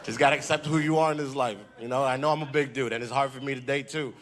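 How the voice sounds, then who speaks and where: A man's voice: mid-range voice, fairly even intonation, quick pace, a little hiss or hum. A man doing a stand-up comedy set, brash and profane, teasing the crowd.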